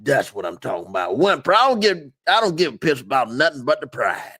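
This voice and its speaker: A man's voice: mid-range voice, big pitch swings, brisk, bright, forceful tone, slightly rough, full character voice. A man voicing a boastful, clueless grown football fan in a put-on American Southern drawl, brash and mangling the facts.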